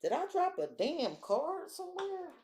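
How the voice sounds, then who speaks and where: A woman's voice: extremely high pitch, a little slow, slight background noise. A woman giving a casual tarot reading, blunt, sassy and full of swearing, talking straight to the viewer and to her cards. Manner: blunt, profane, sassy and animated. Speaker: tarot reader.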